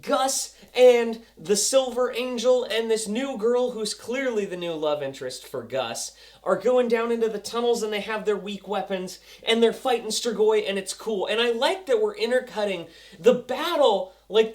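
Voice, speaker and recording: A young man reviewing a TV episode, excitable and goofy, acting out scenes as he goes. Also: high voice. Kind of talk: casual review vlog.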